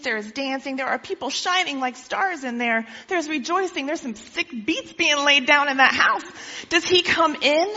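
Bright-voiced woman preaching in an echoing hall. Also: sits high. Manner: lively storytelling, asks listeners questions. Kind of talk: sermon. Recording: dull with long hall reverb.

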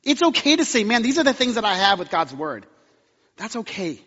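A man's voice: high voice, very animated, a little fast, pushed and bright. A young man preaching a sermon as pastor in a church, casual and conversational with self-deprecating humor and storytelling. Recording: muffled audio with long hall reverb.

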